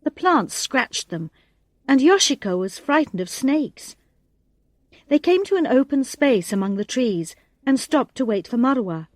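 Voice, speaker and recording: A woman reads a graded English storybook at a very unhurried, careful pace. Her pitch sits a little high and moves a lot, rising and falling as she brings the characters' lines to life. The recording is dry and close. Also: no room sound. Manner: expressive, acts out the characters' lines. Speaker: audiobook reader. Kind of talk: slow, clear narration of a graded English reader.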